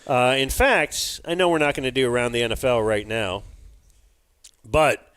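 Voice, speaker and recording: A man's voice: mid-range voice, expressive, moderate pace, a bit bright, clear, resonant tone. A man co-hosting a podcast, chatting casually about sports in a laid-back, rambling way with lots of fillers. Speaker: podcast co-host. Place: live stream from a club.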